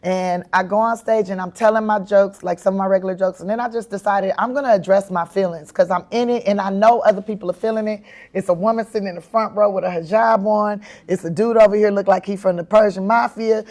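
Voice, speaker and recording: Animated woman telling stories with laughter. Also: mid-range voice, fast. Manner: animated, acts out her own quotes with bursts of laughter. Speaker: comedian and actress, interview guest. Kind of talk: candid storytelling in an interview.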